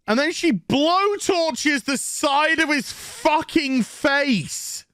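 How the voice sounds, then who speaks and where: A man's voice: extremely high pitch, animated, extremely slow, hardly any pauses, sharp tone, dry recording, clean studio sound. A man with a Yorkshire accent ranting sarcastically through a profane TV review, mocking the characters with put-on voices. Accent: Yorkshire English. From England. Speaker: TV show reviewer.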